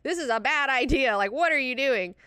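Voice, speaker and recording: An exasperated noblewoman, as a woman puts her on, loud, blunt and swearing as she walks out. Her voice is smooth and close, with a dry sound. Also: sits high, expressive, brisk, no room sound, voice pushed up. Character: exasperated noble older woman quitting a fight.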